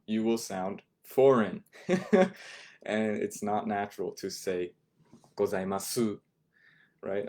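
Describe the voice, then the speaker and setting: Man, language teacher, live-streamed lesson, warm low voice, patient, repeats each word slowly. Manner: patient, models pronunciation slowly and repeats words.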